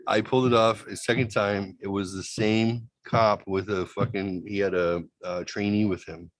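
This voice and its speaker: Man telling a lively swearing anecdote. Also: on the low side, normal speed, dry recording. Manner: animated, acts out voices in anecdotes, swears. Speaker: podcast host. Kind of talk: casual storytelling.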